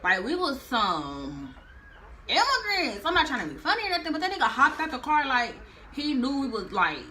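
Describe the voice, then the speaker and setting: Animated young woman telling a story. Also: high voice, a little hiss or hum. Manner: animated, slangy, drawn-out storytelling. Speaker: vlogger. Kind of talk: storytime vlog.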